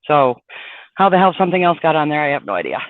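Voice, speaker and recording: Higher-voiced man on a tinny call. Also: sing-song, fast talker. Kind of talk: casual chat. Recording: tinny phone-like line with faint noise.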